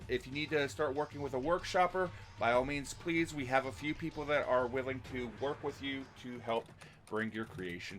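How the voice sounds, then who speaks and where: A man hosting a stream, casually giving announcements with filler pauses. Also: fairly high pitch, fairly bright tone.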